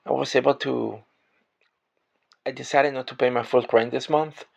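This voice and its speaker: A heavily gravelly man from Puerto Rico rants to the camera about his retail job. He sounds exasperated and swears freely, often stumbling and restarting his words. His pitch sits in an ordinary middle range. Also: fairly even intonation. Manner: halting restarts when upset. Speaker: retail worker. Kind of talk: venting rant to camera.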